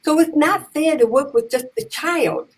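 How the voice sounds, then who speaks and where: A woman telling lively stories in casual conversation, acting out the voices of the people in them. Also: high voice, moderate pace, low-quality recording. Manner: animated, acts out voices in her stories. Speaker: guest, comedian and advocate. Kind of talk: conversational storytelling.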